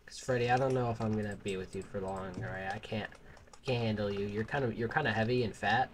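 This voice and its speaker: A man's voice: fairly low pitch, steady tone, fast talker, a little hiss or hum. A man giving casual, crude, rambling gameplay commentary, joking with the game characters. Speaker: gaming channel host.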